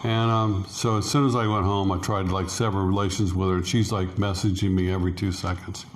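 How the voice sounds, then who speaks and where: A man's voice: deep voice, little pitch movement, brisk. A middle-aged man casually telling a rambling personal story, full of fillers and acted-out quotes. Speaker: interview guest, expat.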